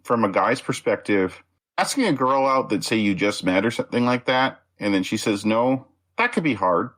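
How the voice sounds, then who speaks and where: A man co-hosting a podcast, talking in a measured, thoughtful, slightly self-deprecating way. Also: fairly low pitch, animated, fairly bright tone, low-quality recording. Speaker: podcast co-host. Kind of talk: casual film discussion.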